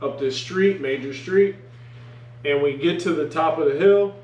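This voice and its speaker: A man's voice: on the high side, unhurried, darkish tone, dull audio. A man telling a rambling, profanity-laced story in casual podcast chat, full of fillers, recorded in a roomy space away from the mic. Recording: roomy, distant mic, faint noise.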